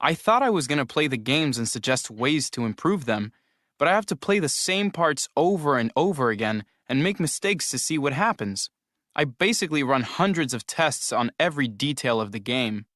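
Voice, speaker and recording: A man's voice: medium pitch, expressive, normal speed, a bit bright, no room sound, studio quality, close to an everyday voice. An actor playing a young man who complains, weary of his video game testing job, in a scripted textbook dialogue.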